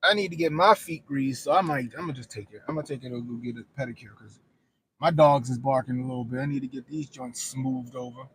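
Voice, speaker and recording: A man's voice: mid-range voice, fairly even intonation, quick pace, a little hiss or hum. A middle-aged man chatting casually on a stream, telling blunt, profane stories and laughing often. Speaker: streamer and commentator. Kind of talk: casual profane livestream chat.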